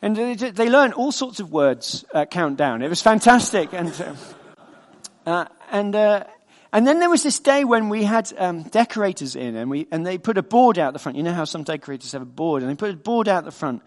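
A man preaching a sermon with a fairly high voice. He talks earnestly and conversationally, drifting easily into personal stories. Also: big pitch swings, brisk.

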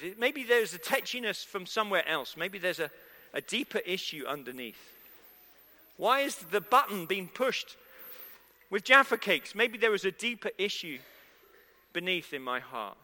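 A man's voice: high voice, pushed and bright. A man preaching a sermon to a congregation, talking conversationally and asking them questions. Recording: echoey hall with long reverb.

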